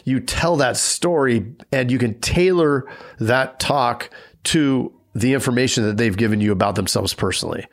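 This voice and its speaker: A man co-hosting a casual podcast, talking shop and acting out quick sales pitches. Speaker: podcast co-host. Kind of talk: casual chat.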